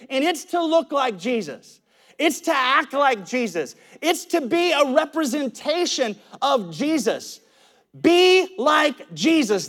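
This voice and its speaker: High, lively male preacher. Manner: animated preacher who calls the congregation to repeat lines after him; tells stories with humor and chuckles. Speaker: pastor. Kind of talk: sermon.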